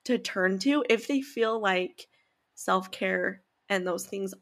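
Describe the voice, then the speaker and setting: A woman's voice: mid-range voice, slow pace. A woman in her thirties hosting a casual interview, gushing and emotional as she talks. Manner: emotional, gushing, tearful at times. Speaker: host.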